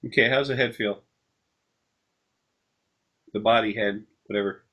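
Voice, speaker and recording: A man with a bright, forward tone talks loosely over a video call. He rambles as an energy healer, wandering off into long stories with easy, conversational explanations. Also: on the low side, steady tone, measured pace. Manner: rambling, drifting into long anecdotes. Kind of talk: casual explanation during a session.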